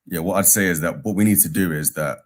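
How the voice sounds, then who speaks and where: Deep husky young British man calling in. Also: fast. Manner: rambling, many "like" fillers. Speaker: caller. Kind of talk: casual call-in chat.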